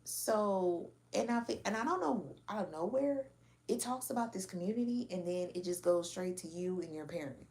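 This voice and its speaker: Blunt, gravelly-voiced woman. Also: medium pitch, animated, moderate pace, darkish tone. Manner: blunt, slangy, frank. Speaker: tarot reader. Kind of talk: casual spoken reading.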